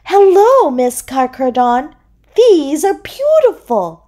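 A woman voicing a kind, gentle young female seahorse in a high, sweet voice. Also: big pitch swings, slow, full character voice. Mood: eager.

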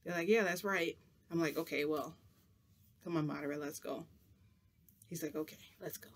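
A man's voice: on the high side, fairly even intonation, normal speed, fairly bright tone. A man chatting to camera as a vlogger, telling a long rambling story full of "like" in a casual, chatty way.

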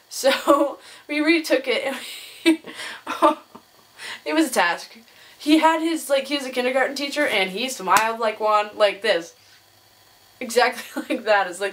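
A young woman talking casually into her camera, her voice sitting a little high. She is chatty and laughs often, slipping into higher voices to mimic people in her stories. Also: normal speed, a bit bright. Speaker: vlogger. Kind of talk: casual chat.

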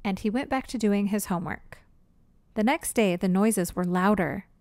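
A woman reading a children's storybook aloud, expressive and slowing for spooky moments. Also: medium pitch, dry recording. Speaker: read-aloud narrator.

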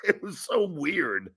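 A man's voice: on the high side, pushed and bright, husky. A middle-aged man hosting a podcast, talking in a profane, combative way and ranting about a rival. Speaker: podcast host. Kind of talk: casual podcast chat.

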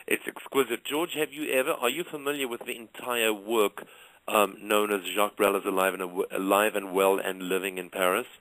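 A man's voice: fairly low pitch, steady tone, fairly quick, fairly bright tone, dry recording, poor audio. A man hosting a radio interview, effusive and full of gushing praise. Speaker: radio show host.

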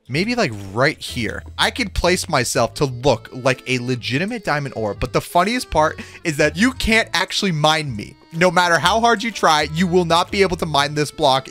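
A young man giving excited, giggly commentary over his gameplay, exclaiming often. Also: fairly high pitch. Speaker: gaming video creator.

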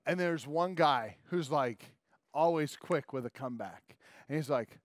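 A man's voice: fairly high pitch, lively intonation, measured pace, dry recording, clean studio sound. Conversational storytelling preacher, man. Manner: conversational storytelling, acts out voices. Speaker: pastor. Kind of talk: sermon. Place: church main hall.

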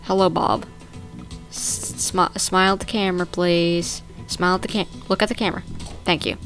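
A woman's voice: lowish voice, fairly even intonation, moderate pace, fairly bright tone, faint music behind. A woman hosting a let's-play video, casually narrating her moves in a chatty, playful way. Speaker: gaming video host.

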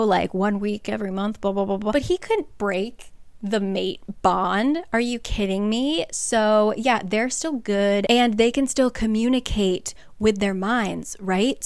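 A young woman casually recapping a novel's plot, chatty and sarcastic, slipping into hushed dramatic quotes. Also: mid-range voice, clean tone, dry recording. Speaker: book recap creator.

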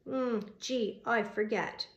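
A woman's voice: on the high side, slow, creaky, echoey room. A woman reading the part of a defiant teenage boy in an audiobook, sullen and sarcastic.

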